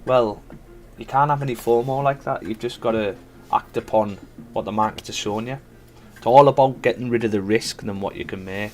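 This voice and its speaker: A man's voice: mid-range voice, fairly quick, darkish tone, faint music behind. A man giving casual live commentary as a forex trader, thinking aloud and chatting to viewers. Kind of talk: live trading stream commentary.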